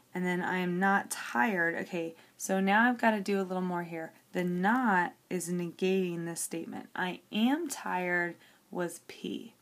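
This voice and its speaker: A woman teacher talks slowly through an example she is writing out, keeping her voice slightly low. She explains one step at a time and keeps checking in with a quick "okay" before moving on. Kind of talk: classroom lesson, working an example on paper.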